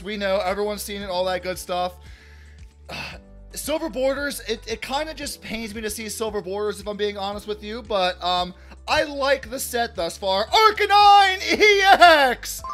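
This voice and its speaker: A man hosting a casual card-opening vlog, chatty and upbeat, shouting out big pulls and often restarting his sentences. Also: high-pitched. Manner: chatty, hypes big pulls loudly, self-correcting restarts. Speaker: card-opening channel host.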